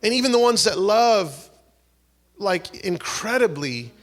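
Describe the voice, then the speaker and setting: Male preacher, high bright voice, gravelly edge, loud then whispering, acts out quotes. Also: expressive, slow pace. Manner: swings from loud exhortation to hushed whispered prayer; acts out quoted voices, repeats words and restarts. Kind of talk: sermon.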